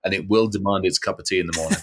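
Quick, low-voiced man with dry jokes. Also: steady tone, husky. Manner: dry joking asides. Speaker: podcast guest. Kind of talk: casual podcast banter.

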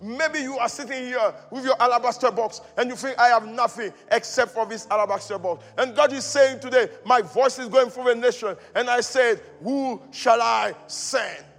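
High-voiced preaching man in a hall. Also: fairly quick, few pauses. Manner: impassioned preaching, repeating phrases, swinging from soft to loud. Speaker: pastor. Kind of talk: sermon. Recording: long hall reverb.

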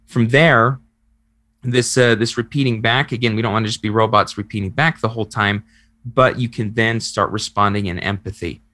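A podcast host and relationship coach speaks in a lowish, steady, bright and forceful voice at a normal speed, with no echo. He coaches conversationally and earnestly, acting out examples to explain his ideas.

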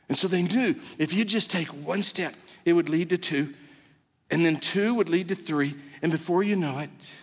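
A high-voiced man preaches a sermon, spinning a story with playful, animated energy. His voice rings out with the long reverb of a large hall, like a church sanctuary. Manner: animated storytelling, acts out a baby's voice. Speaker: pastor.

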